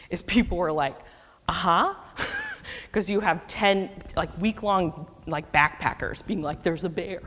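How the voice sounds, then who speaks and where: Animated woman telling a story in a reverberant hall. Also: fairly low pitch. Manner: animated, laughing often, acting out quotes. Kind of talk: storytelling sermon.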